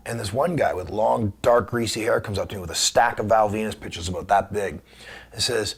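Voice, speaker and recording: A middle-aged former wrestler tells stories in an interview, acting out the dialogue with energy. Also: male voice, on the low side, slightly rough. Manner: animated storyteller, acts out dialogue; subdued and halting on somber memories. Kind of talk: conversational storytelling.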